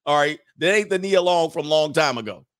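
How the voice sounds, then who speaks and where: A man's voice: on the high side, animated, fairly quick, a bit bright. A man hosting a casual commentary show, talking bluntly with profanity and mocking jokes, laughing at his own remarks. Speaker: host.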